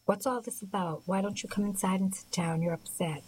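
A woman reading the part of a kind, motherly middle-aged woman in an audiobook, gentle and concerned in tone. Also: medium pitch, fairly quick, lightly acted.

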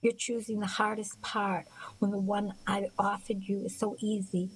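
A woman reading the lines of a heartbroken, bitter young man in an audiobook, speaking quietly and half-whispered. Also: mid-range voice, level tone, moderate pace, breathy edge, close to an everyday voice, rough recording. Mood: hurt.

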